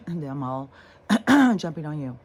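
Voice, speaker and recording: A woman's voice: sits low, very animated, darkish tone, slightly rough. A woman vlogger talking casually and unscripted about healing and letting go. She rambles, swears offhandedly and restarts her sentences often. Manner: slow, unhurried delivery. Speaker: spiritual vlogger.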